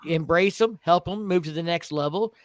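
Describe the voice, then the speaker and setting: A man's voice: fairly high pitch, moderate pace, dry recording. A man who makes motorcycle videos, talking plainly and folksily in a casual group chat.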